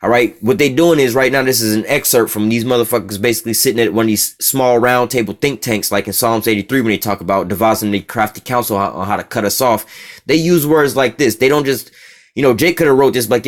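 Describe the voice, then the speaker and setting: A man preaches in a rapid, rushing delivery at a middle pitch, reading a text aloud and breaking it down for his listeners. His talk is blunt, profane and heated, full of restarts and repeated asides. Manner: blunt, profane and heated, with frequent "you see what I'm saying" asides; repeats and restarts words while driving his point. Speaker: religious teacher. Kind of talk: street-style religious lecture, reading a text aloud and commenting.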